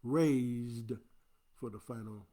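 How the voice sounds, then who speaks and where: A man's voice: medium pitch, slow, mellow. A man, an imam, giving an earnest, instructive Friday sermon into a livestream camera.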